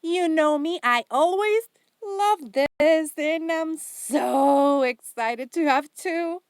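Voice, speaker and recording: A woman's voice: sits high, slow pace, dry recording, studio quality. A woman hosting a craft haul vlog, gushing and giggling with enthusiasm over each item. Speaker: craft channel host.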